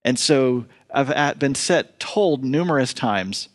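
A man's voice: medium pitch, lively intonation, takes it slowly. A middle-aged man preaching a sermon in a folksy manner, with playful asides to the congregation. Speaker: pastor.

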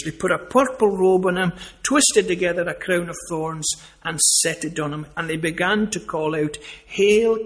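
A man preaching a sermon, earnest and emphatic, asking rhetorical questions. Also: high voice.

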